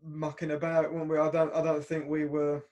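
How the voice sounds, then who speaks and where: A man, a podcast host, chatting casually with short relaxed reactions. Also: a little high, a little fast. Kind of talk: casual chat.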